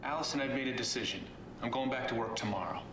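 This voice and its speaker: An actor playing an irritable, defensive husband in a live-action game, speaking curtly. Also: male voice, medium pitch, fast talker, a bit bright, roomy sound, distant mic, close to an everyday voice, rough recording. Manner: curt, defensive.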